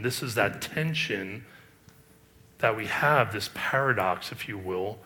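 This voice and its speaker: A middle-aged male pastor preaching a sermon, reading scripture aloud and commenting on it with emphatic rises and quiet asides. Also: mid-range voice.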